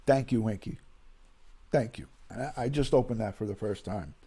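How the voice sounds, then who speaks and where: A man hosting a live stream, reading viewers' condolence emails aloud in a slow, emotional, halting way. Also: on the low side, creaky, mellow, slightly rough.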